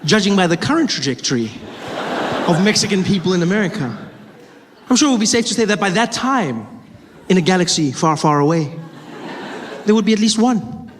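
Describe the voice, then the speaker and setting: A man performing a stand-up comedy routine on a theater stage, telling stories with animated shifts into other voices. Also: sits high, a little fast, long pauses, slight background noise. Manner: animated storytelling, swings between voices. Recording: live hall with long reverb.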